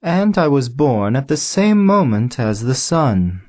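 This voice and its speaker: A man's voice: mid-range voice, sing-song, unhurried, a little mellow. A man voicing a vain, delicate female flower who talks in a sweet, affected, fussy way in an audiobook. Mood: sweetly vain. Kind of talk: audiobook character voice.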